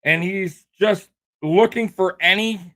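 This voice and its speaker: A man's voice: high voice, a little slow, sharp tone. A man hosting a fan sports show, ranting heatedly and with profanity, full of fillers and restarts.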